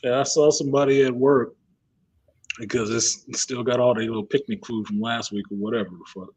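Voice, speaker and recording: A man's voice: medium pitch, fairly even intonation, brisk, darkish tone, breathy edge. A man hosting a casual livestream hangout, telling profane stories and laughing often. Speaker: podcast host.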